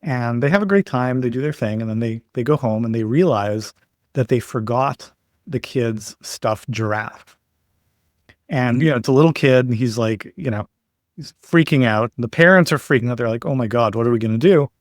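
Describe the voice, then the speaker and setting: A man as a podcast guest, explaining his ideas in a steady way with stories and examples. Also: mid-range voice, moderate pace, dry recording, clean studio sound. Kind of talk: explanatory interview talk.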